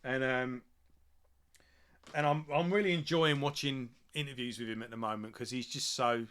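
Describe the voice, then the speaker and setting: A man's voice: mid-range voice, steady tone, normal speed, a bit bright, clear, resonant tone. A man hosting a music channel, chatting casually and enthusiastically with lots of fillers and restarts. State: drinking beer. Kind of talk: casual chat.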